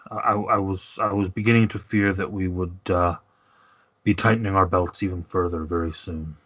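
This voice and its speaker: A jittery male guard who stumbles over every word, as a game master puts him on. His voice stays hushed and a touch low, the stammer constant. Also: fairly even intonation, normal speed, dry recording. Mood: nervous. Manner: stammering, hesitant.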